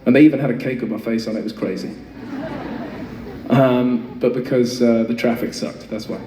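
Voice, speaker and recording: A man's voice: medium pitch, fairly even intonation, fairly quick, background noise. A man in his thirties telling a chatty, self-mocking story on stage between songs, swearing freely, to a concert audience. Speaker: singer performing live. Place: large concert venue, in front of an audience. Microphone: stage mic through a PA. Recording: echoey, distant audience recording with loud ambience.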